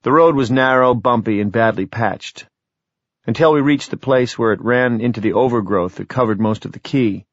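A man reading an audiobook in steady, wry first-person storytelling. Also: mid-range voice, normal speed, no room sound. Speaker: audiobook narrator. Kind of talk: scripted narration. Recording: slightly dull, lo-fi recording.

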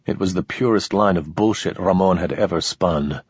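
A man reading a novel aloud in scripted, steady narration. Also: low voice, normal speed, few pauses, husky, dry recording. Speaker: audiobook narrator. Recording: slightly dull lo-fi recording.

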